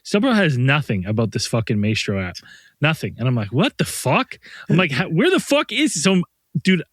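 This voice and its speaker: A man co-hosting a podcast, telling a story in casual chat, animated and swearing constantly as he rants. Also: on the high side, moderate pace, no echo. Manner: profane, animated storyteller, ranting. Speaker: podcast co-host.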